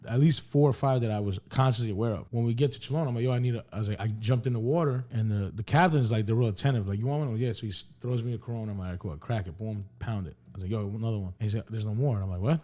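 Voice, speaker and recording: A man's voice: mid-range voice, rapid-fire, hardly any pauses, mellow. A man co-hosting a podcast, telling a rambling travel story in casual chat, swearing a lot and acting out what people said. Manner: rambling storyteller, heavy swearing, acts out dialogue.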